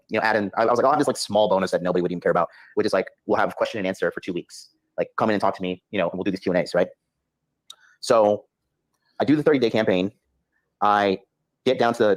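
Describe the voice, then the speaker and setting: Fast-talking man telling a story. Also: lowish voice, dry recording, low-quality recording. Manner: fast, animated, acts out his own inner voice with lots of swearing. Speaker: guest. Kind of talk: storytelling in a podcast interview.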